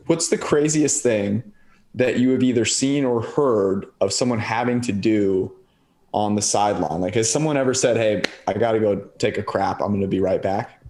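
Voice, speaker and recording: A man co-hosting a podcast in relaxed casual chat, asking his partner questions. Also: on the low side, moderate pace. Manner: relaxed, conversational, asks questions. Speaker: podcast co-host.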